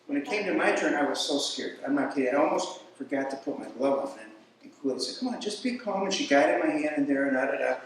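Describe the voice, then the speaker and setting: A man's voice: mid-range voice, fast talker, hardly any pauses. A man performing a stand-up comedy routine, telling stories and acting out the people in them. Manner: storytelling, animated voices for quoted people. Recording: echoey room, mic far off.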